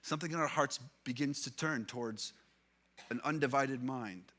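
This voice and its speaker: A male pastor with a Canadian English accent delivers a sermon in a bright, forceful voice. He speaks earnestly and gives weight to the scripture he quotes. His pitch sits in a middle register for a man. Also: moderate pace. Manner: earnest preaching, reads psalms aloud with emphasis.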